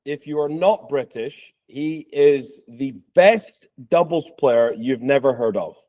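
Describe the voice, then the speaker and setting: A man's voice: medium pitch, takes it slowly, warm tone. A man in his thirties from Scotland, with a Scottish accent worn down by years in the US, hosting a podcast interview in a chatty way, full of ums. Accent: Scottish, softened by years in the US. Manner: chatty, with frequent ums and restarts. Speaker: podcast host. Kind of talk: casual interview chat.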